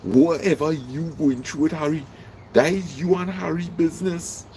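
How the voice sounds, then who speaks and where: A man with a Trinidadian accent giving a casual motivational talk, emphatic and repeating his points, his voice jumping high when he makes them. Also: fairly even intonation, normal speed, warm tone, a little hiss or hum. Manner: emphatic, repeats lines for effect, jumps high in pitch. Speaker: vlogger.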